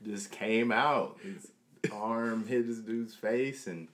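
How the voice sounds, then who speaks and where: A man's voice: fairly low pitch, slow pace, a bit bright. A young man co-hosting a podcast, talking in a laid-back, casual way. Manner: laid-back, frequent backchannels and laughs. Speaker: podcast co-host. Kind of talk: casual chat.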